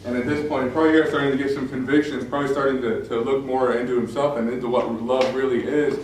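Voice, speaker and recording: A man's voice: mid-range voice, steady tone, fast talker, darkish tone. A young man preaching a casual sermon, telling a story with lots of fillers and acting out the quoted lines. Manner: conversational, many fillers, acts out quoted lines. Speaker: pastor. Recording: very echoey room, distant mic, faint noise.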